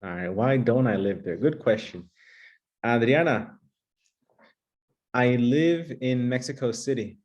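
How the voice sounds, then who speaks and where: A man playing an English teacher, calling on students and giving brisk, upbeat praise. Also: mid-range voice, a little mellow, lo-fi sound. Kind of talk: playful classroom sketch.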